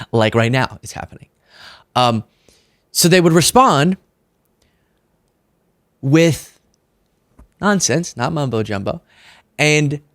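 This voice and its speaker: A man's voice: medium pitch, no room sound, studio quality. A young man hosting a political commentary show, talking in a sarcastic, mocking monologue. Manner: sarcastic, animated, mocks opponents in put-on voices.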